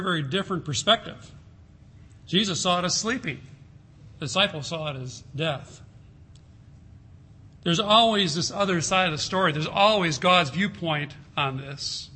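A man preaching a sermon in an earnest way, slowing down and softening his voice to stress a point. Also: high voice, slightly rough. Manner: earnest, slows and softens for emphasis. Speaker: pastor.

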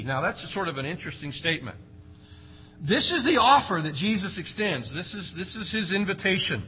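A man's voice: sits high, very animated, normal speed, bright, forceful tone, slightly rough, low-quality recording. A man preaching an expository sermon, emphatic, with rhetorical questions and strong rises and drops for stress. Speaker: pastor.

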